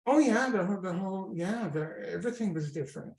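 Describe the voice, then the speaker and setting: A woman's voice: medium pitch, fast talker. Scottish woman, chatty storyteller. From Scotland. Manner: chatty, animated storyteller with asides. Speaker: guest comedian. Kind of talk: casual storytelling interview. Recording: echoey room.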